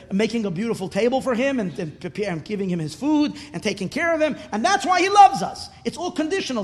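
Man, very high voice, fervent sermon, repeats words, long hall reverb. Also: slightly rough. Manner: impassioned, repeats words for emphasis, swells to near shouting. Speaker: religious teacher.

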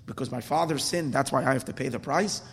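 A man's voice: medium pitch, quick pace, creaky, breathy edge, long reverb tail. A man voicing a gullible, hungry wolf who whines and complains, told as a storybook fable. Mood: whiny. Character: gullible hungry wolf, male, easily tricked.

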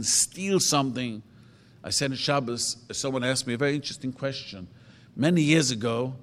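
A man in a rabbi's role, rambling through anecdotes and correcting himself mid-sentence as he answers questions. His voice sits at an ordinary pitch, and a long hall reverb trails every phrase. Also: a bit bright. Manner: rambling storyteller, self-correcting, earnest. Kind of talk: informal Torah talk with audience questions.

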